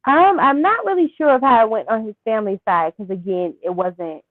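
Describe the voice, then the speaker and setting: Young woman, interview guest, halting soft speech, dry tinny phone-like sound. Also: fairly high pitch, no room sound. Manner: soft-spoken, halting with fillers. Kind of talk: interview, personal story. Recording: thin phone-like line.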